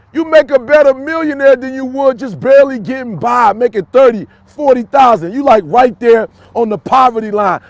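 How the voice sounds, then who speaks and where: A man giving an emphatic, repetitive motivational talk straight to the listener, breaking into shouts and folksy asides. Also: very high voice, dry recording. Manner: folksy, addresses listener directly. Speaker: motivational speaker.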